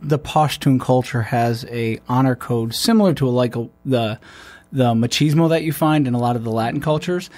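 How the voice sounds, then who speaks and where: A man's voice: mid-range voice, moderate pace, darkish tone, no echo, faint music behind. A man, a military veteran, talking in a loose, rambling way with many restarts and fillers. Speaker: podcast host. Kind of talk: casual conversation.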